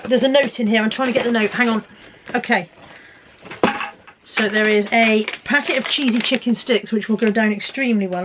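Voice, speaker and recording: A woman's voice: fairly high pitch, a little hiss or hum. A middle-aged woman chatting casually and joking at her own expense while unboxing parcels. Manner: chatty, self-mocking, fiddling with packages as she talks. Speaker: vlogger.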